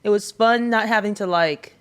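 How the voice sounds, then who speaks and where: A woman co-hosting a casual studio chat show as a DJ, emphatic and sometimes loud and high when excited. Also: normal speed, smooth. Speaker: co-host and DJ.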